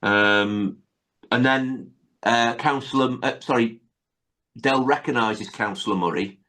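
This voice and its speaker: A man's voice: medium pitch, slow, pushed and bright. A man hosting a podcast, casually retelling sitcom scenes with many tag questions. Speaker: podcast host. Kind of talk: casual chat recapping a sitcom episode.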